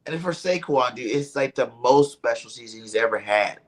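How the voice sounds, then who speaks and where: A man co-hosting a casual sports podcast, telling stories in an animated, slangy way. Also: medium pitch, normal speed, low-quality recording. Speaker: podcast co-host.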